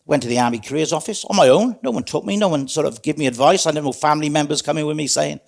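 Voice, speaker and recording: Gravelly middle-aged man. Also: on the high side, expressive, fast, few pauses. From South Wales. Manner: earnest, plain-spoken, calls the host mate. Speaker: guest. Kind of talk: candid storytelling interview.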